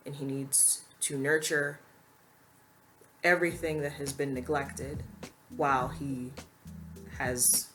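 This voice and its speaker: A woman's voice: low-pitched, fairly bright tone. A woman giving earnest, emphatic opinion commentary to camera, now and then quoting others in a mocking voice. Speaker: commentary YouTuber.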